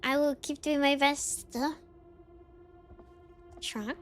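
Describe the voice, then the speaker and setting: A woman streamer with a slight lisp on her S sounds, chatting casually and muttering words to herself as she plays a game. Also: high voice. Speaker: VTuber streamer.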